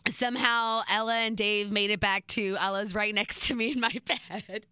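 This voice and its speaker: Woman, 20s, chatty storytime voice, crisp and dry. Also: medium pitch, normal speed, no echo. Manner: chatty, animated, laughs between beats. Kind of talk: casual storytime.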